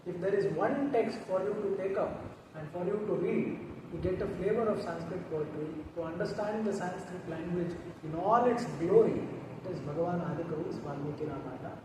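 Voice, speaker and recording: A man with an Indian English accent giving a talk on poetry, chanting verses slowly and melodically between explanations. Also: high-pitched. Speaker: guest speaker on Sanskrit poetry. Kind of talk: lecture with recited Sanskrit verses. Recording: echoey hall, distant mic, noticeable noise.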